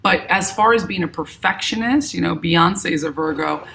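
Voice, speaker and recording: A woman's voice: on the low side, moderate pace, vocal fry, a bit bright, a little hiss or hum. A middle-aged woman from New York with a slight New York accent, chatting casually as host of a live stream and reading viewer comments aloud.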